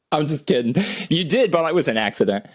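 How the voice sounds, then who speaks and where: A man's voice: a little high, no room sound. A young adult man, co-hosting a casual podcast, telling a rambling, profane story and laughing often. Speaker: podcast co-host.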